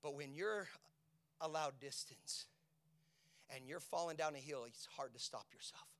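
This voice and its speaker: A male preacher giving a sermon, asking his listeners questions and moving between hushed whispers and loud, shouted peaks. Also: fairly high pitch, measured pace. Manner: asks the congregation rhetorical questions.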